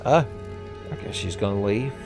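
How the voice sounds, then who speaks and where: Wry, sarcastic gaming host. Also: male voice, lowish voice, expressive, normal speed, gravelly, music in the background. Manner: wry, sarcastic and profane, often laughing. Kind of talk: casual let's-play commentary.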